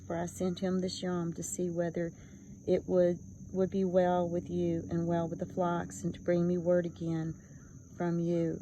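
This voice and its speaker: A woman reads scripture aloud in a low, even voice that stays close to one pitch. She gives the quoted speech earnest, dramatic weight. Faint crickets and insects chirp in the background. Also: slight background noise, rough recording. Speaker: scripture reader. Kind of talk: reading aloud from a religious text.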